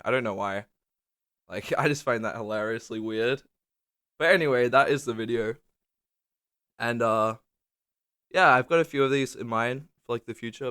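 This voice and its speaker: A man's voice: mid-range voice, bright, forceful tone, smooth, dry recording, clean studio sound. A young man telling rambling, swear-laden travel stories to camera in a casual vlog, leaning hard on "like". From Australia. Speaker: vlogger. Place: small indoor room under a lamp.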